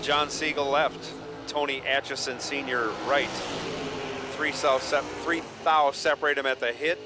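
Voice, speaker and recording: A man doing steady play-by-play of drag races, reading names, lanes and dial-ins with dry jokes. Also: mid-range voice, a little slow, background noise. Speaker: drag racing co-announcer. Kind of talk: live race commentary.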